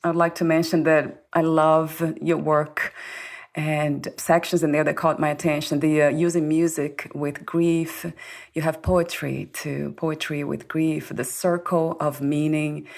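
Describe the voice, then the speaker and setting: A woman's voice: sits low, little pitch movement, unhurried, vocal fry. A woman interview host who speaks admiringly, praising her guest's work. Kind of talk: interview questions.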